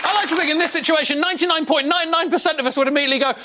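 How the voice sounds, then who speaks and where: A man doing stand-up, telling a story in an animated way with sudden loud bursts. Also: very high-pitched, rapid-fire, crowd noise, noisy background. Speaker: stand-up comedian. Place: TV studio stage.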